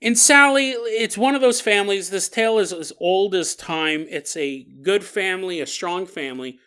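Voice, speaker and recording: A man's voice: high voice, normal speed, pushed and bright, clear, resonant tone. A man in his forties hosting a podcast, telling stories in a rambling, casual way, correcting himself and chuckling as he goes. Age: 40s. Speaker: podcast host.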